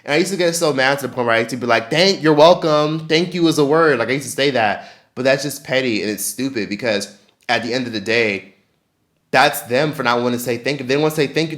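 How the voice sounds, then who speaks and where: A man hosting a casual opinion rant, blunt and profane, talking straight at his audience. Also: medium pitch. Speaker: commentary host.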